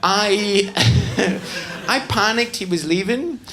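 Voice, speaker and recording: A male comedian doing a stand-up routine, telling a story in an animated way that slides into silly voices. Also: sits high, slow.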